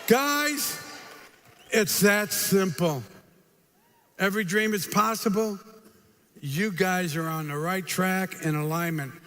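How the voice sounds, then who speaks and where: An older man giving a live motivational speech, an animated storyteller who acts out quotes and throws in punchy asides. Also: sits high, a little slow. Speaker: motivational speaker. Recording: hall reverb, faint ambience.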